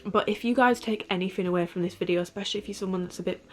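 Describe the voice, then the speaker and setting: A woman's voice: medium pitch, steady tone, rapid-fire. A young woman in a candid vlog monologue, rambling with lots of "like" and frequent swearing. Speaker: vlogger.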